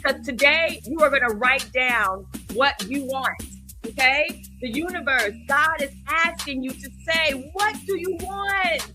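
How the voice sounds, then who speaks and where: A woman hosting a livestream talk show, loud and energetic, with a sing-song, preacherly way of talking. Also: high voice, measured pace. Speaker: host. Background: hip hop music.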